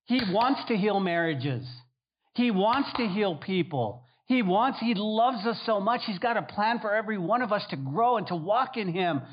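A man's voice: sits high, lively intonation, moderate pace, breathy edge, highs cut off. A man, a pastor, preaching a sermon to his congregation. He drives his points home by repeating key phrases. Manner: emphatic, repeats key phrases, acts out quoted voices.

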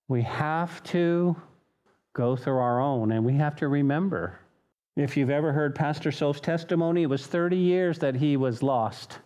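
A man preaching to his congregation in a slightly higher register. He talks in an animated way, repeating words as he builds a point and slipping into little acted voices. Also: normal speed. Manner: animated, acts out quoted voices, frequent restarts. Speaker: pastor. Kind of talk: sermon.

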